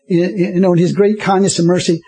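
A man's voice: high-pitched, little pitch movement, brisk, dark tone. A man preaching a sermon, often chuckling and breaking in with hallelujahs. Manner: chuckling often, interjecting hallelujahs, repeating himself.

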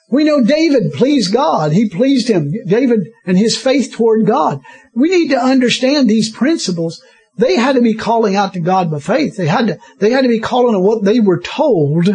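A man's voice: very high-pitched, darkish tone, breathy edge. A man preaching a sermon, often chuckling and breaking in with hallelujahs. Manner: chuckling often, interjecting hallelujahs, repeating himself.

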